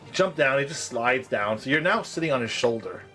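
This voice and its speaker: A man's voice: mid-range voice, animated, fairly quick, sharp tone, soft background music. A man acting as game master over a video call, casually describing scenes and explaining rules to young players with plenty of fillers.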